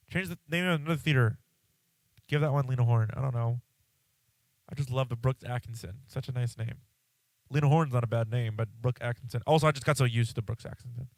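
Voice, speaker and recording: A congested man rambles through a casual solo podcast, breaking off mid-thought and swearing offhandedly. His voice is smooth and resonant, heard close with no room sound. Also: mid-range voice, a little mellow, dry recording. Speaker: podcast host.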